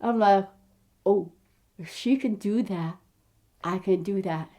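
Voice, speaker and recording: A woman's voice: medium pitch, slow, mellow. An American woman of fifty chatting to camera about her acting journey, telling her story in a rambling, quirky way full of restarts. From United States. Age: 50s. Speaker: aspiring actress and vlogger. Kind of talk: casual chat to camera.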